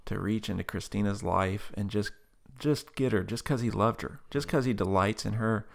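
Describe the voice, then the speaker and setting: A man's voice: lowish voice, normal speed, creaky. A man who is a guest on an interview, earnestly telling a personal faith story and praying aloud in a conversational way. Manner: earnest, conversational, with frequent "like" fillers.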